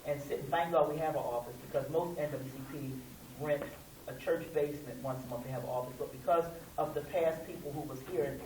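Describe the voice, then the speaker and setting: A middle-aged woman, a local civil rights chapter president, telling stories in a conversational, folksy way at a community meeting and acting out quoted dialogue. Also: a bass voice. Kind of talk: storytelling talk at a community meeting. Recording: echoey room, speaker far from the mic, faint hiss.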